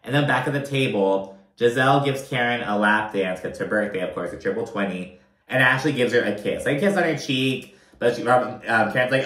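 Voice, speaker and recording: A man talking in a mid-range voice through a gossipy recap. He is animated and profane, with constant "like"s. The sound is roomy and echoey. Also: mid-range voice, a little fast. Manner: animated, profane, lots of "like" and "you know what I mean". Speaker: reality TV recap host. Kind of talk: casual recap commentary. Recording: roomy echo.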